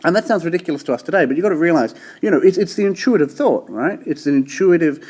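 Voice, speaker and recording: A male teacher explaining a topic in a relaxed, chatty way, often checking in with the listener and restarting his sentences. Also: on the high side, fast talker, slightly rough. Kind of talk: casual classroom explanation.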